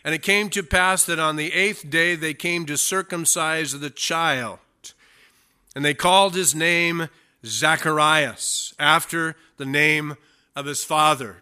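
A man preaching a sermon and reading from the Bible, emphatic, slowing down to stress key phrases. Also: on the high side, bright, forceful tone, clean tone.

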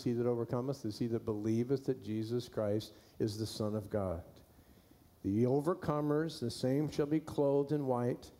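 Male pastor, unhurried folksy sermon delivery, dark warm voice. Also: medium pitch. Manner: folksy, repeats key phrases for emphasis. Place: church.

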